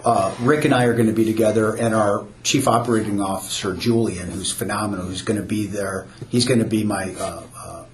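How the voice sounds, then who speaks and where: A man's voice: lowish voice, steady tone, a little fast, hardly any pauses. A man, a new business owner, talking earnestly in a casual podcast chat and often repeating words as he starts sentences. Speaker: new owner of an ice cream stand. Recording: roomy with faint background ambience.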